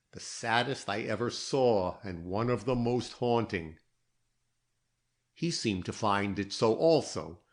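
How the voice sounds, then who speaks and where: Slow, measured male audiobook narrator. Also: mid-range voice. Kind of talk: scripted narration.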